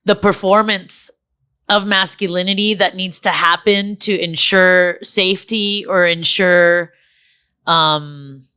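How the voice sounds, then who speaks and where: A young adult woman from the United States talks as a comedian guest on a casual podcast. Her voice sits a little low, and she speaks candidly, moving between earnest points and playful asides. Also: steady tone, takes it slowly, pushed and bright, clear, resonant tone. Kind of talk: casual chat.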